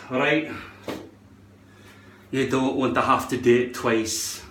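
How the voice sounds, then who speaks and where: A man's voice: mid-range voice, fairly even intonation, takes it slowly, a bit bright, slight background noise. A man talking in a put-on Scottish accent, rambling and joking with a lot of swearing while he gives a hairpiece tutorial at home. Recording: roomy echo.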